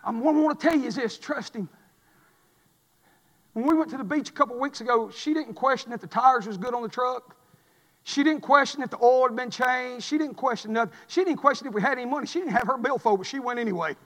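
A man preaching a sermon in church, swinging between loud impassioned calls and hushed pleading. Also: very high-pitched, quick pace, long reverb tail. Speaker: pastor. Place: church sanctuary.

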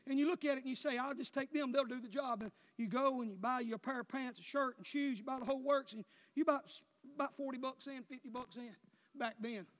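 High-voiced preacher, shouting and murmuring. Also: male voice, quick pace, slight background noise. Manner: impassioned preaching, swinging from shouts to low murmurs. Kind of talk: sermon. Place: church sanctuary. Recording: muffled sound with long hall reverb.

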